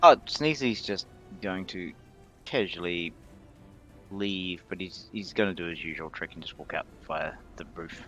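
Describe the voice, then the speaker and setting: A man's voice: sits low, a little slow, fairly bright tone, faint music behind. A man describing his character's moves in a tabletop game, laid-back and trailing off. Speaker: player. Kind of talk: casual tabletop play.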